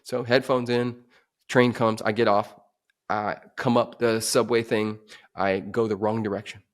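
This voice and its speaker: A man on a podcast telling a dramatic personal story, swinging from emphatic to hushed. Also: on the low side, flat delivery, unhurried. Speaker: podcast guest.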